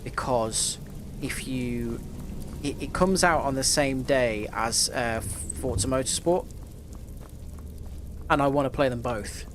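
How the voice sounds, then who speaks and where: A man's voice: medium pitch, slow pace, pauses often, noisy background. A man streaming a game, chatting casually and rambling with lots of filler words. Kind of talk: casual live gameplay chat.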